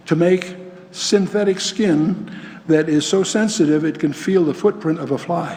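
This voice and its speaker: Older guy teaching bible stuff to a crowd, kinda high voice, folksy w/ dry little jokes, long echo in a big hall. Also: a little mellow. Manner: folksy, asks the audience questions, dry asides. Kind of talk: lecture to a live audience.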